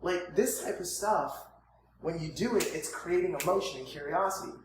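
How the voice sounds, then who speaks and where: A man coaching students on prospecting in an energetic, informal way, acting out sample conversations. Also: fairly high pitch, moderate pace. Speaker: network marketing trainer. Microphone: phone. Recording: echoey room, faint ambience, phone recording.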